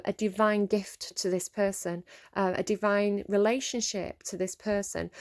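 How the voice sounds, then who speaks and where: A woman giving a casual tarot reading. She rambles, with lots of fillers and sighs. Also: medium pitch. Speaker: tarot reader.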